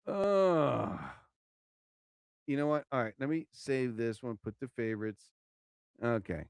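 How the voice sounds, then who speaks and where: Animated rambling male live-show host. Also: mid-range voice, measured pace, gravelly, pauses often, smooth. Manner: animated, rambling, exclaims loudly. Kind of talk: casual live-stream monologue.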